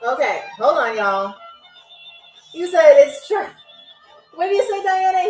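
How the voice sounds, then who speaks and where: A woman's voice: extremely high pitch, big pitch swings, measured pace, darkish tone, echoey room, soft background music, poor audio. A young woman hosting a live-stream game show, chatting casually with viewers while she draws, playful and calling them "y'all".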